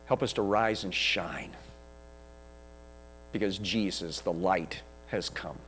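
A man preaching a sermon as a pastor, with slow, emphatic delivery. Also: low voice. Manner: slow, emphatic preaching that drops to a quiet prayer. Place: church sanctuary. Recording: echoey church hall with mains hum.

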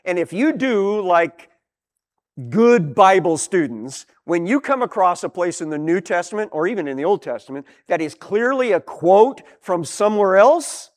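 Male Bible teacher, high voice, animated and explanatory. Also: moderate pace.

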